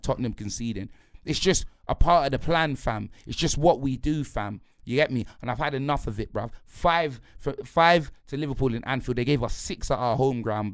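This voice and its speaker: A football fan pundit launches into a heated, slangy rant about football, repetitive and full of "blood" and "fam". His mid-pitched voice sounds dry, with no room sound.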